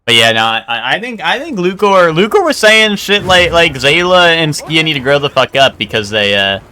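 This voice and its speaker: A man's voice: fairly high pitch, sing-song, moderate pace, bright, forceful tone, a little hiss or hum. A young man streaming a game live, rambling and joking with crude banter to his chat. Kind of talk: casual live gameplay chat.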